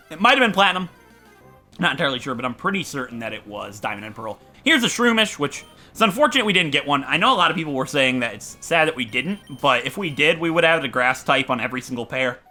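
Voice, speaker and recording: A man's voice: medium pitch, sharp tone. A man giving chatty, enthusiastic let's-play commentary over game music, rambling between thoughts. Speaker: gaming commentator.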